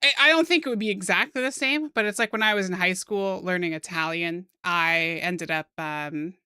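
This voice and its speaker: Soft-spoken giggly American woman streamer. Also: fairly low pitch, normal speed, smooth, no echo, clean studio sound. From United States. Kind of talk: casual chat with stream chat while drawing.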